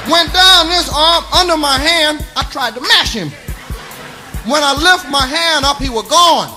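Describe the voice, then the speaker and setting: A man's voice: very high voice, measured pace, bright, forceful tone, faint music behind. A man telling a raunchy comic story in a sing-song, drawling way, often breaking into laughter.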